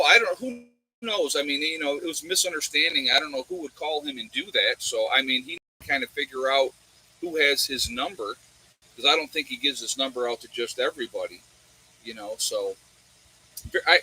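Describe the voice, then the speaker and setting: A man's voice: medium pitch, animated, moderate pace, sharp tone, slightly rough, poor audio. A man hosting a casual livestream, rambling through a story with lots of fillers and restarts. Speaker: livestream host. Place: warm room indoors.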